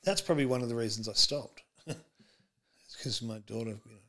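A man's voice: medium pitch, normal speed, bright, forceful tone. A middle-aged man, a comedian telling stories as a podcast guest in a rambling way, full of fillers and restarts. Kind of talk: casual interview chat.

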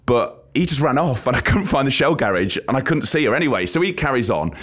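A man co-hosting a casual podcast, telling a story with animated delivery and frequent laughter. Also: mid-range voice, fast talker. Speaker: podcast co-host.

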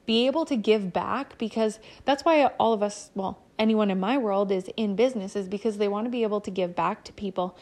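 A woman's voice: mid-range voice, a little mellow. A woman hosting her own podcast as a business coach, talking candidly and casually, with many "like" and "you know" fillers and the odd swear word. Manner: occasional swearing. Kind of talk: motivational solo podcast talk.

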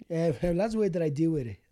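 Young guy, comedian guest, stop-start talk, higher-ish voice, dry close sound. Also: dark tone, no room sound. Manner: halting, repeats words, frequent "you get me", laughs often. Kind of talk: candid interview conversation.

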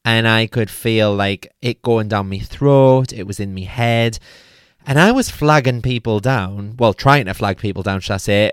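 This man's voice is lowish and a bit bright, with a clean tone captured in a dry, clean studio recording. A podcast host, he tells a comic personal story in a chatty, swearing way, acting out his own frantic quotes.

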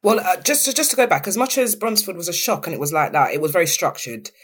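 A young woman, speaking as a guest on an interview show, telling her story frankly and lively, acting out what others said. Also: on the low side, fast, breathy edge. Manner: lively, animated, acts out quoted voices. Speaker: podcast guest.

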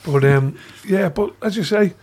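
Husky, higher-voiced Dublin man spinning lively, laugh-filled yarns. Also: normal speed. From Dublin, Ireland. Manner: lively, laughs through his stories. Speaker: guest storyteller. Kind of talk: casual anecdote telling.

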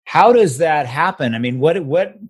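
Older male host, slightly raised pitch. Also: animated, normal speed, slightly rough. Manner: conversational, steers with questions. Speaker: podcast host. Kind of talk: casual interview chat.

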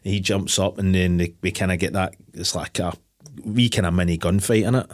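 A Scottish man co-hosting a casual film podcast, his voice sitting low. He rattles through scenes at a quick clip, rambling and swearing freely as he goes. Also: fairly even intonation. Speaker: podcast co-host.

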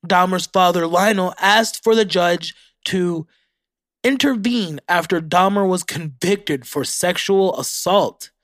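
A man's voice: high-pitched, slow pace, fairly bright tone, no room sound, clean studio sound. A young man hosting a casual solo podcast, reading facts aloud and reacting with profanity. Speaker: podcast host.

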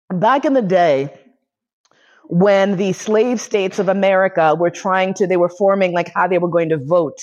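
A woman's voice: medium pitch, measured pace, a little mellow, lo-fi sound. A woman from New York City hosting a podcast lecture, telling a story in casual, profane talk and laughing often. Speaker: podcast host giving a lecture.

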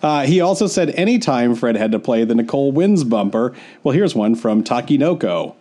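Animated, joking male podcast host. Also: mid-range voice, normal speed. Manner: joking, laughs often. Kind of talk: casual chat.

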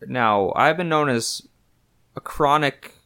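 A man's voice: medium pitch, takes it slowly, a bit bright, clean tone, dry recording, clean studio sound. A man, co-hosting a podcast in casual chat, joking around and stumbling over restarts. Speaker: podcast co-host.

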